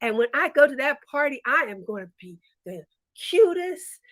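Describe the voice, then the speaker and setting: A boastful young milkmaid, all giddy sing-song daydreams, put on by a woman telling a story. She pitches high and bright, leaping up and down as she gushes. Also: big pitch swings, normal speed.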